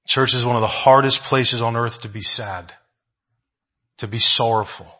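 A man's voice: medium pitch, fairly even intonation, moderate pace, muffled recording. A man preaching a sermon, asking rhetorical questions, often adding "right?" and repeating phrases for emphasis.

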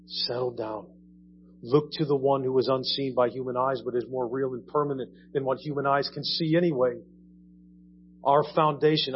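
A man preaching a sermon in a conversational way, repeating phrases and rising in emphasis. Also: medium pitch. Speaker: pastor. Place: church. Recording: dull audio with faint hum.

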